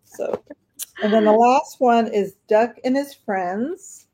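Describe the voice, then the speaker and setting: A woman's voice: a little high, slow pace, breathy edge. Chatty woman selling items on a live stream. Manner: chatty, rambling, warm toward bidders, many fillers. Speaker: live online auction seller.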